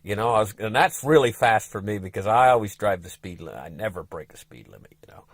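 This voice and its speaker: A man's voice: lowish voice, lively intonation, fast, no room sound. Folksy man telling a rambling story. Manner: rambling, folksy, with many restarts and asides to viewers. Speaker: travel vlogger. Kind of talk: casual storytelling.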